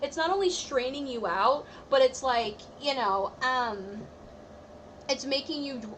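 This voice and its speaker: A woman's voice: high-pitched, lively intonation, a little slow, a bit bright, a little hiss or hum, rough recording. A woman giving a live-streamed tarot reading in a chatty, reassuring way, full of "like" and "I feel like". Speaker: tarot reader.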